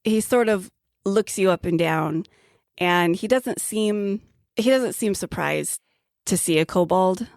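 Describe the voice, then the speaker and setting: A woman's voice: mid-range voice, takes it slowly, creaky, a little mellow, dry recording, studio quality. A woman narrating as game master of a tabletop game, describing scenes with easy laughter.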